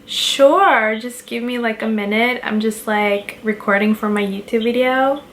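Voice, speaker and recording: A woman's voice: a little high, measured pace, background noise. A young woman talking casually to her camera as a beauty vlogger, direct and giggly, filling her talk with "like". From Pakistani roots. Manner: chatty, direct, giggly, lots of "like".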